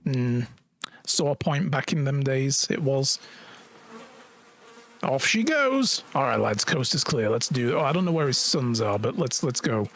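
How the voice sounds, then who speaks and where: A man's voice: mid-range voice, moderate pace, a bit bright, a little hiss or hum. A man doing rowdy, joking live gameplay commentary, swearing and cheering. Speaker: game streamer.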